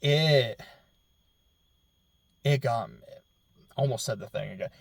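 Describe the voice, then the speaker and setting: A man giving a casual, emotional film reaction, rambling with many fillers and dropping very soft when moved. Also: on the low side, unhurried, gravelly, pauses often, slightly rough, no echo. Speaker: film reviewer.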